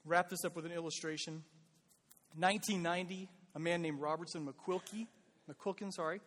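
A man's voice: fairly high pitch, fairly even intonation, normal speed, fairly bright tone, big-room sound. A man preaching a sermon as pastor, earnest and conversational, pleading with his listeners.

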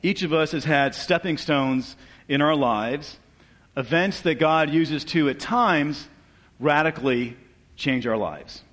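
A middle-aged man giving an earnest church testimony, asking for amens and dropping soft and low at tender moments. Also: takes it slowly. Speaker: guest speaker sharing testimony. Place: church hall. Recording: long reverb of a large hall.

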